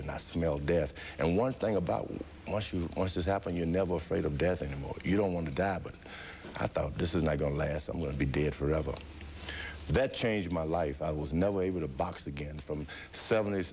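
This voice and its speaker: A man, an interview guest, telling his life story with animated delivery, acting out voices and laughing often. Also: low-pitched, a little fast, a little hiss or hum.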